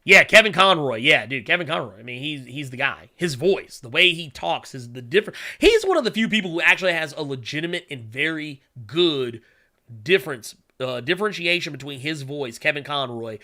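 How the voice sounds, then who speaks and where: Bright-voiced man rambling casually as host. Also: fairly high pitch, lively intonation, a little fast. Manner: rambling, many fillers, hums while reading chat; blunt, profane rants. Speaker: podcast host. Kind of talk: casual solo chat reading viewer questions.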